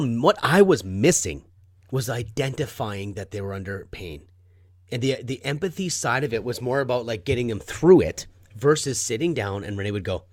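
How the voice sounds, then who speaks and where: A man in his thirties hosting a podcast, telling candid stories and acting out quotes with big swings in pitch and loudness. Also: a little fast, dry recording, studio quality. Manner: animated, acts out quotes with big jumps in pitch and volume. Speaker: podcast host. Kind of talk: candid conversational storytelling.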